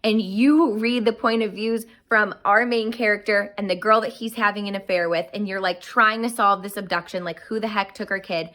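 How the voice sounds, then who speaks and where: Young female book vlogger, bright gushing delivery, slightly breathless, casual and excitable. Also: mid-range voice, normal speed, few pauses. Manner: gushing, enthusiastic, exclamatory. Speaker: book reviewer.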